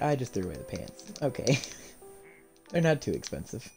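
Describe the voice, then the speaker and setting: A man giving live commentary as he plays a game, animated and often laughing, chatting to the characters on screen. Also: a little high, measured pace, soft background music. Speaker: streamer.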